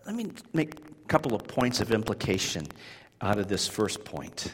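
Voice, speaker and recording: A man preaching a sermon, swinging from hushed, slow passages to loud, high-pitched emphasis and often repeating words as he builds. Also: big pitch swings, slightly rough. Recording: long hall reverb.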